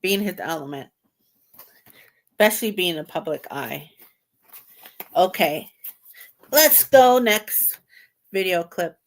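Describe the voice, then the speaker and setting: A woman with a lowish, expressive voice hosts a tarot video, reacting to a clip as she thinks aloud casually. Her speech is halting and repetitive, with broken, loose grammar.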